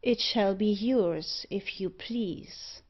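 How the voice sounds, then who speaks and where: A suave, mocking gentleman tempter with something devilish about him, as a woman reads him aloud in an audiobook. He speaks slowly and deliberately at a middling pitch. The recording is a little dull and lo-fi. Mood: coaxing.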